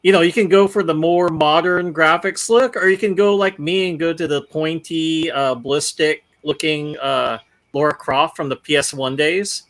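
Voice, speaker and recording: A man in a casual gaming chat, passing on news in a relaxed, filler-heavy way. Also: fairly high pitch, moderate pace. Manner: easygoing, filler-heavy recommending. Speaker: show regular.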